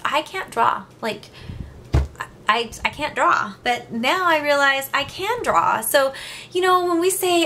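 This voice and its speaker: A woman's voice: high voice, bright, forceful tone, a little hiss or hum. Chatty, giggly woman showing crafts. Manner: chatty, giggly and self-deprecating. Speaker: craft vlogger. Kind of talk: casual chat. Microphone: camera mic.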